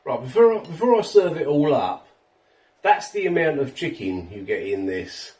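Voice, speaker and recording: A man's voice: medium pitch, sing-song, normal speed, a little mellow, roomy sound, distant mic. A man reviewing a ready meal at home, chatty and self-mocking, a little tipsy after a few drinks. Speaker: food reviewer. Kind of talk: casual food review vlog. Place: home kitchen.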